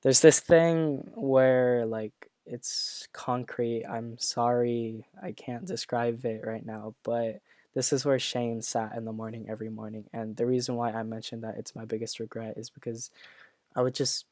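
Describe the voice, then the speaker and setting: A young man speaking earnestly and haltingly about a schoolmate, with many fillers and restarts, getting choked up at times. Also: mid-range voice, fairly even intonation, a little mellow, no echo. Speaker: former classmate sharing memories. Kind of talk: personal reflective talk.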